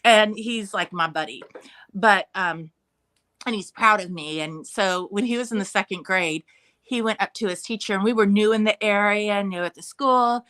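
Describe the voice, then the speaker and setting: A woman in her forties speaks from a room at home through a video call. Her voice is bright and ringing, and she tells stories with animation, slipping into the voices of the people she quotes. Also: mid-range voice, normal speed. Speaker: guest author. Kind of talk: casual chat on a video call.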